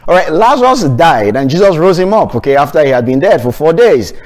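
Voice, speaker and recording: Male pastor, fairly high voice; emphatic, repetitive sermon delivery with restarts. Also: very animated, fairly quick, a little mellow.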